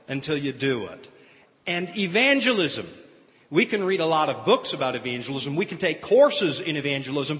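A male pastor preaching with lively, rising emphasis. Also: a little high. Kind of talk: sermon. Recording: hall with long reverb.

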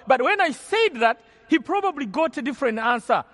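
Speaking briskly and expressively, this Rwandan preacher has a very high, slightly bright voice. His earnest sermon testimony tells a story, with phrases frequently repeated and restarted, all under long hall reverb.

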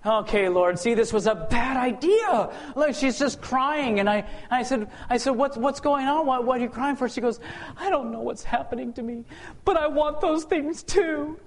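Man, high voice, testimony storyteller; animated, plays out dialogue, swings from loud to hushed, stumbles into repeats. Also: moderate pace. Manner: repeats words when restarting. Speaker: speaker sharing a personal testimony.

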